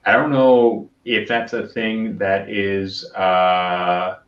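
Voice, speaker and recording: A man's voice: fairly low pitch, little pitch movement, extremely slow, roomy sound, highs cut off. A man co-hosting a casual livestream, swearing freely and apologizing often while reading out chat. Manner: profane, apologetic, reads chat aloud. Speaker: co-host on a whiskey stream.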